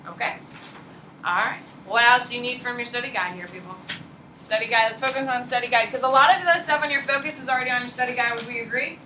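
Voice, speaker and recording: A woman teacher giving a casual, animated classroom lecture, blunt and chatty. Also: on the high side, fast talker, a little hiss or hum. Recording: echoey classroom from far off.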